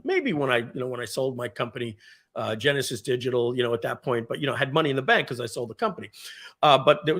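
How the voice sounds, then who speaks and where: A man giving a storytelling speech at a company event, animated and profane, with frequent throat clearing. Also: mid-range voice. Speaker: speaker at a company party.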